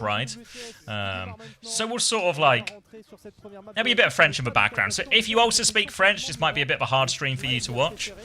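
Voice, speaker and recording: English male esports streamer, very bright forceful tone, chatty and self-deprecating, easy stream talk. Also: mid-range voice. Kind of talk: casual stream chat and play-by-play commentary.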